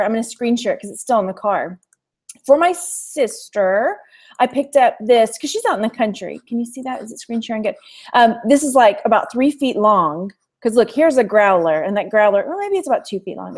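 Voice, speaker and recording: With a Texas accent and a slightly high, mellow voice, this woman runs a casual thrift haul livestream. She's chatty, laughs a lot and reads out comments from her viewers.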